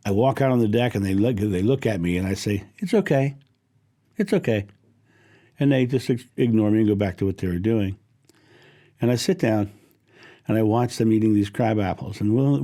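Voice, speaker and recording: A middle-aged man giving a slow, heartfelt spiritual talk, lingering gently on his words. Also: fairly low pitch. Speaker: spiritual teacher.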